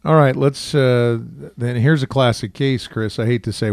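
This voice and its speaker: A man's voice: mid-range voice, normal speed, hardly any pauses, darkish tone, no echo, clean studio sound. A man co-hosting a radio talk show, upbeat, praising and prompting the main host.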